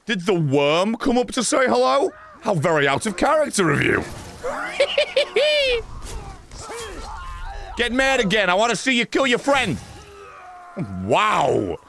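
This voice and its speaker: A man's voice: sits high, big pitch swings, normal speed, gravelly, fairly bright tone. Sarcastic man streaming a game. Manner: sarcastic, mocking banter with the game. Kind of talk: live gameplay commentary.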